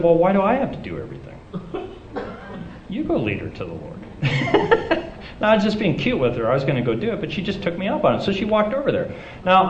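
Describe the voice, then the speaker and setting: A man's voice: medium pitch, echoey room, lo-fi sound, a little hiss or hum. A man preaching, telling a personal story with a playful, self-mocking manner and acted-out dialogue. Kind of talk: sermon storytelling.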